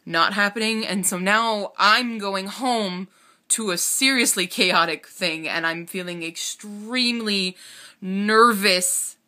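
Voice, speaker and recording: A woman in her twenties speaks to her camera at home, close to crying and stopping often to steady herself. Her voice is bright and forward, and her talk is broken by nervous laughs and sighs. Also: medium pitch, slow. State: tearful, on the verge of crying. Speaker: vlogger. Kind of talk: personal vlog confession.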